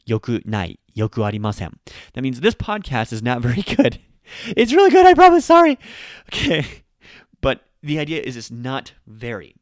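A man hosting a casual podcast lesson on Japanese grammar, chatty and upbeat, slowing down to say example sentences with care. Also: medium pitch, no room sound, studio quality. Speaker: podcast host and Japanese teacher.

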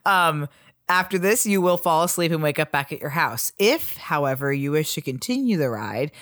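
A man's voice: on the high side, expressive, moderate pace, fairly bright tone, no room sound, clean studio sound. A man co-hosting a casual comedy podcast, reading out the steps of a spooky ritual and joking about each one with frequent laughs. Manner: reads ritual steps aloud with wry asides and frequent laughs. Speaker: podcast co-host.

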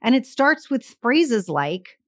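A woman's voice: a little high, sing-song, slow pace, dry recording, studio quality. A middle-aged woman on a podcast, talking emphatically and telling stories with acted-out quotes. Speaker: podcast guest, sales coach. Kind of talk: podcast conversation.

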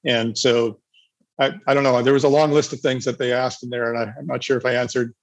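Male presenter, rough and husky voice, easygoing rambling delivery. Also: medium pitch, flat delivery, a little fast, muffled recording. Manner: rambling, with many restarts and fillers. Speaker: agroforestry project presenter. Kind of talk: casual webinar presentation.

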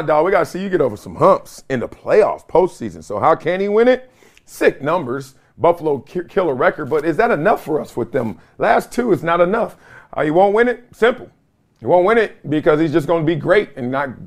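A man's voice: fairly high pitch, fairly quick. A middle-aged man hosting a sports podcast, talking in a loose, slangy way and laughing often. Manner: animated, slangy, laughs often, mimics others in quotes. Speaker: podcast host. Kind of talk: casual sports commentary.

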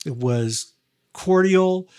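A man's voice: high voice, extremely slow, clear, resonant tone. An older man, a record producer, telling long anecdotes in an interview, with many fillers and restarts. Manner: lively raconteur, many fillers and restarts, acts out quoted lines. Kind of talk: anecdotal storytelling in a podcast interview.

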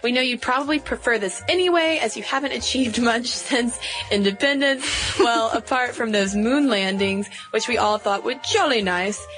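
A woman's voice: fairly high pitch, normal speed, fairly bright tone, soft background music, pitched above the performer's own voice, natural voice. A woman voicing a mock-posh English letter writer in a put-on English accent, playful and giggly. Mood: haughty.

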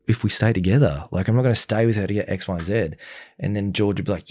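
A young man with a deep voice talks fairly quickly as an interview guest, with no room sound. He's blunt and animated, acting out the things people said to him in this candid interview.

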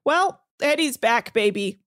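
A woman co-hosting a podcast, recapping a reality show in an animated, sarcastic way, laughing and swearing often. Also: on the high side, measured pace, no room sound, clean studio sound. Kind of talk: casual chat.

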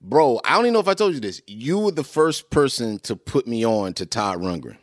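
Animateur de podcast très expressif. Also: male voice, brisk, no room sound, clean studio sound. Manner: animated, laughing, swings high when excited. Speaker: podcast host. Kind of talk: casual chat.

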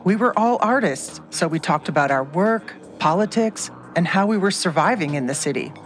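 A woman's voice: fairly low pitch, expressive, normal speed. A woman narrating a true story in first person, scripted.

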